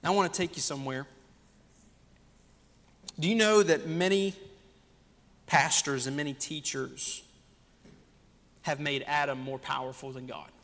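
A man's voice: fairly high pitch, fairly even intonation, unhurried, long pauses, fairly bright tone. A man preaching a sermon as senior pastor, asking the congregation one rhetorical question after another. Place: church sanctuary. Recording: long church hall reverb.

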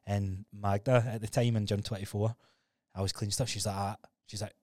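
A man's voice: lowish voice, a little fast, no room sound, studio quality. A young man co-hosting a podcast, telling stories in a casual, sweary way. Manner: swearing, storytelling, animated retellings. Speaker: podcast co-host. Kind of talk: casual chat.

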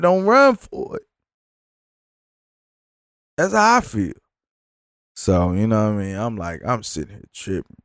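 A man's voice: fairly high pitch, a bit bright, clean tone, dry recording, clean studio sound. A man telling a story as a casual rant, profane, exasperated and rambling.

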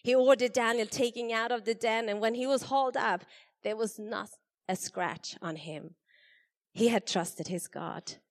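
A woman giving an expressive Bible reading to a church congregation, her voice rising for the quoted speakers. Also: fairly high pitch, measured pace. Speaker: scripture reader. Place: church hall. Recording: long hall reverb.

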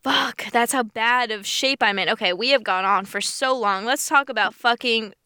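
A young woman co-hosting a podcast, chatting casually with quick asides and some swearing. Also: fairly high pitch, sharp tone, clean tone, no echo, studio quality. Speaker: podcast co-host. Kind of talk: casual chat.

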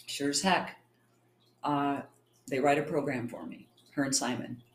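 A champion cyclist and triathlete from California, middle-aged and with a bass voice, talks unhurriedly as a chatty interview guest. She acts out the quoted dialogue in her stories during this casual storytelling conversation, recorded with a roomy echo.

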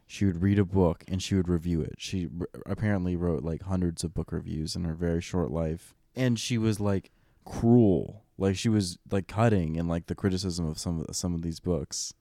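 A man talking casually and knowledgeably about an author, animated, with many fillers. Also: deep voice, normal speed, dry recording, clean studio sound. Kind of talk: casual book club discussion.

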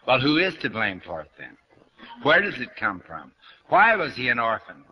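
A man's voice: medium pitch, big pitch swings, normal speed, breathy edge, muffled recording. An older man giving a spiritual lecture to an audience, blunt and questioning, speaking straight to his listeners. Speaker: New Thought lecturer.

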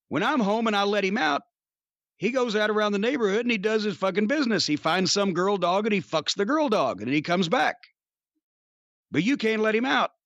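A man's voice: high-pitched, no room sound. A man voicing an older male wrestler who gives insistent, repetitive orders with a straight face. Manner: insistent, repetitive, deadpan-serious.

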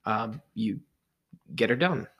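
A man co-hosting a relaxed podcast with his wife, making dry jokes and often restarting his sentences. His voice is low, husky and gravelly. It also has a bright, slightly tense edge. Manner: easygoing, dry humor, halting restarts. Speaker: podcast co-host, father. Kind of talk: casual chat.

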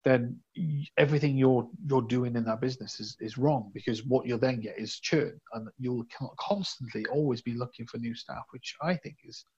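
A man's voice: mid-range voice, normal speed, few pauses, a little mellow, breathy edge. A man hosting a podcast, reflective and talking in restarts. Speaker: podcast host. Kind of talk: casual conversation. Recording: dull, slightly lo-fi sound.

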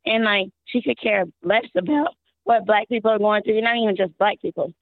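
A woman from Texas calling into a show, her voice hoarse and worn out, rambling and exasperated with frequent laughs. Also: medium pitch, fairly even intonation, a little fast, no echo. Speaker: caller. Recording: tinny phone line.

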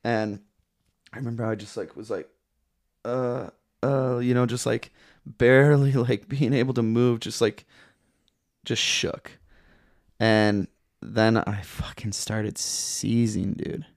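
A man's voice: lowish voice, steady tone, unhurried, dry recording, clean studio sound. A young man from Michigan, a podcast guest telling a story in a laid-back, rambling way, swearing a lot. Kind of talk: casual chat.

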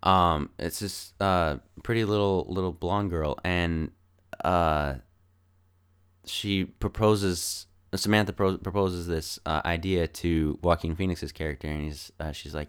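A man's voice: low voice, fairly even intonation, a little slow, clean tone. A man casually recapping a film, rambling and thinking aloud as he goes. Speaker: film reviewer.

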